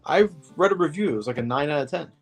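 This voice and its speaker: A man's voice: fairly high pitch, expressive, quick pace, soft background music. A man co-hosting a film podcast in casual chat, joking and swearing freely, and often laughing. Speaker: podcast co-host.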